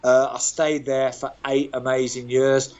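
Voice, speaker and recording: A man's voice: mid-range voice, unhurried, lo-fi sound. Older man spinning self-mocking football stories. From England, Birmingham. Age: 60s. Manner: animated, self-mocking anecdotes. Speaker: guest, former footballer. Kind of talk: storytelling interview.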